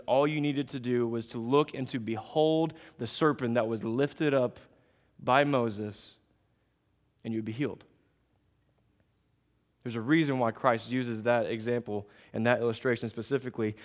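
A man preaching a sermon, measured at times and raised and emphatic at others. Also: medium pitch. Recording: long reverb of a large hall.

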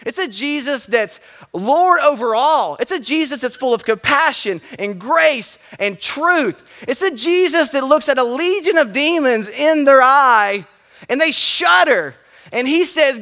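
A man in his thirties preaching a sermon to a church congregation, animated, swinging between loud emphatic lines and hushed, quiet ones. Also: very high voice, measured pace. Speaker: pastor.

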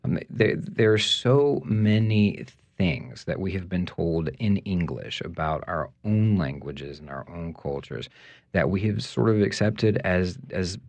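A man with a very low voice talks through word origins. He explains patiently, pausing on fillers and restarting his sentences as he thinks. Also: animated, darkish tone. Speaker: guest, French language expert. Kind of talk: conversational explanation.

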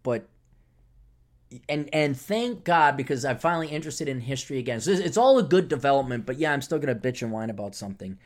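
A man hosting a casual solo podcast, ranting sarcastically, swearing casually and mocking others in high put-on voices. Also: lively intonation, fast. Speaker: podcast host.

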